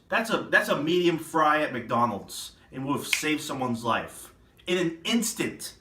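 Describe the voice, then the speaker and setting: A man's voice: on the high side, animated, moderate pace, sharp tone, echoey room, far from the mic, soft background music. A man ranting indignantly in a political vlog, sarcastic and getting worked up. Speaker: political vlogger. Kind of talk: ranting commentary.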